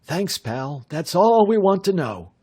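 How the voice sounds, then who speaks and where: A man voicing a bold, quick-witted young pilot, pitched above his narrating voice and louder. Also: big pitch swings, breathy edge, full character voice. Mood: eager. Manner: eager, higher-pitched and louder than the narration.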